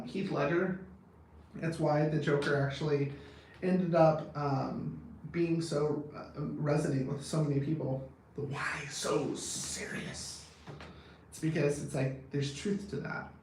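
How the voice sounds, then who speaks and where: A man's voice: a little high, steady tone, takes it slowly, a little mellow. A man in his thirties chatting casually as a vlogger, blunt and profane, rambling and laughing often. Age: 30s. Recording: very echoey, distant from the mic, faint background noise.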